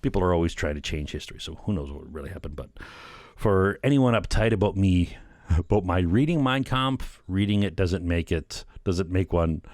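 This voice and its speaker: A man's voice: low-pitched, normal speed, a little mellow, no room sound, clean studio sound. A man hosting a solo talk show, rambling casually, peppering his talk with "you know" and "right?" and chuckling at his own remarks. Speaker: podcast host.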